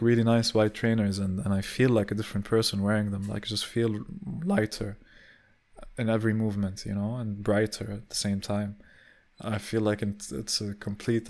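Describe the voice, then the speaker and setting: A young man casually telling a personal story, rambling with many fillers and restarts and casual swearing. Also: on the low side. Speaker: vlogger.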